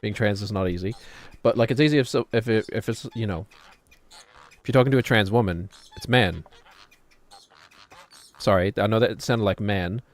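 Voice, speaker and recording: A man in his thirties with a New Zealand accent chats casually while gaming on stream, rambling in a joking, self-deprecating way. His voice is lowish and brisk.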